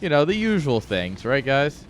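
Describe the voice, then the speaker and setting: A man's voice: mid-range voice, very animated, moderate pace, a little hiss or hum. A man casting a strategy game on a live stream, rambling off-topic and joking at his own expense. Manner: rambling, joking asides, chuckles at himself. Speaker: esports caster.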